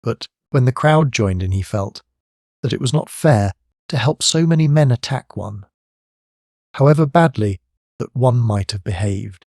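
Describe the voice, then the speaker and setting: A man narrating a classic storybook in a steady, measured reading on a close studio mic. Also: medium pitch, dry recording. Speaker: audiobook narrator.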